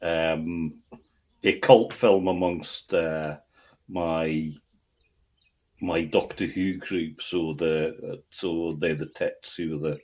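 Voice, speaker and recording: A man with a very deep, husky voice chats on a podcast. He rambles, restarting and trailing off as he talks. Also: steady tone, slow pace, a little mellow. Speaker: podcast co-host. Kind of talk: casual chat.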